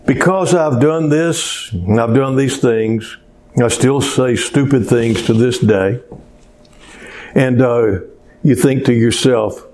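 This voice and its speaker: A man's voice: medium pitch, slow, a little mellow, a little hiss or hum. A male pastor preaching a folksy, conversational sermon full of rhetorical questions to his congregation.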